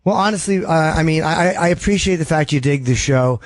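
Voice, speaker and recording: A man's voice: a little high, fairly quick, no room sound. A man hosting a call-in radio show, chatting loosely with callers and reading ad copy in between. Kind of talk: casual call-in talk show. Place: studio.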